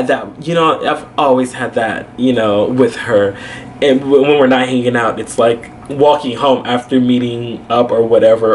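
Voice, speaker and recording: A man's voice: medium pitch, slight background noise. A young man vlogger telling a personal story casually, rambling with lots of "like" and "you know".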